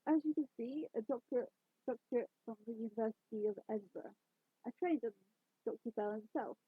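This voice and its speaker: A woman voicing an excitable man, a time-traveling doctor who rambles quickly, in a husky tone over a tinny, phone-like recording. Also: fairly high pitch, dry recording. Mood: eager.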